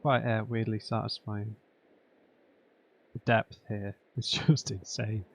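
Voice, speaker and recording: Gravelly man thinking aloud. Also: on the low side, little pitch movement, slow pace, fairly bright tone. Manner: thinking aloud, muttering while puzzling. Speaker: gamer. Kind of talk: let's play commentary.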